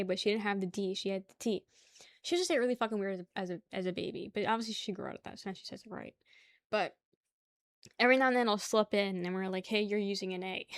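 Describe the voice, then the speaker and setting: In a dry recording, a woman with a medium-pitched voice talks on a stream. She's young and from the New York area, and she rambles casually, laughs a lot, and reads messages from chat out loud.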